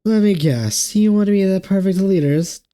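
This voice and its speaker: A man's voice: high-pitched, normal speed, warm tone, clean tone, dry recording, voice pushed up, lightly acted. A man reading a defiant young game hero. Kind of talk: reading game dialogue aloud.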